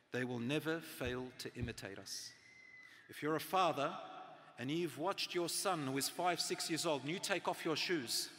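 A man in his forties giving a live talk to an audience, with loud and soft swings and near-whispered asides for emphasis. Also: a little high, slight background noise. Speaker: speaker on parenting and teaching. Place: large hall with a live audience. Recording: long hall reverb from a live talk.

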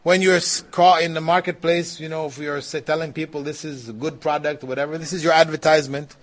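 A male Islamic teacher lecturing a small class in an easy, chatty way. His voice sits a little higher than most men's, and he laughs lightly and often says "you know" as he explains. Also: fairly even intonation, brisk, fairly bright tone. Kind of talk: religious lecture with questions.

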